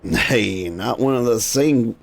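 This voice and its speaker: A man voicing a gruff old former pirate sailor with a salty, grumbling manner, read aloud over a video game. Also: medium pitch. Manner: salty, grumbling, drawn-out old sea dog.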